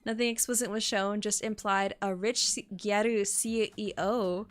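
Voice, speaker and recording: A young woman streaming and chatting casually with her viewers, excitable and quick to swear, gasp and laugh. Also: mid-range voice. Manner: excitable, swears freely, gasps and laughs often.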